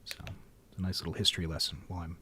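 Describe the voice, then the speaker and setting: A man's voice: low-pitched, level tone, quick pace, sharp tone, husky. A man streaming a game, rambling wryly to fill dead air into a studio microphone. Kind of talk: casual livestream chat. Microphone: studio mic.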